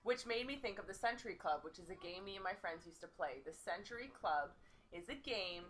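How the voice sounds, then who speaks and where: A woman co-hosting a podcast, tipsy and jokey, talking loudly with lots of giggles. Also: medium pitch, lively intonation, a little fast, soft background music. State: drunk. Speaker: podcast co-host. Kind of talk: casual tipsy chat.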